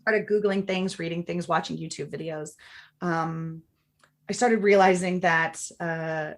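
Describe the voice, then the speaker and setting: A woman in her thirties, a podcast guest, recounting her experience in an animated, fast-flowing way, often quoting others and saying "like". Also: lowish voice. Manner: animated, fast-flowing, quotes people in lively voices, many "like"s. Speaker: guest, former direct-sales team leader. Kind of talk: conversational podcast storytelling.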